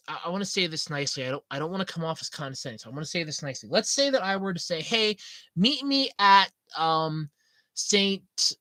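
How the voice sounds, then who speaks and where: Giggly, animated young woman chatting. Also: fairly low pitch, no echo. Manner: giggly, animated storytelling with frequent laughs. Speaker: streamer chatting with viewers. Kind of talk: casual chat.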